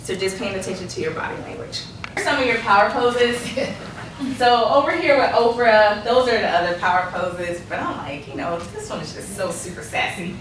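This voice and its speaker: A woman coaching a workshop audience on public speaking, lively and laughing often as she acts out quotes. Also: mid-range voice, normal speed, far from the mic, noisy background. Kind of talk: workshop presentation. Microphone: distant room mic. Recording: echoey room recorded from afar.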